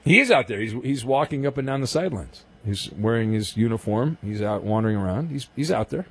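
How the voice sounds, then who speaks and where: A man from Southern California hosting a call-in sports radio show, teasing callers with dry, quick comebacks. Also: medium pitch, animated, breathy edge. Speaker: radio talk show host.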